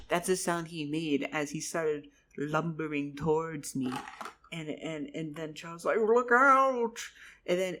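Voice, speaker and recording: A man telling a rambling improvised fantasy story, repeating his words and swearing casually. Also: fairly high pitch. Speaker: vlogger.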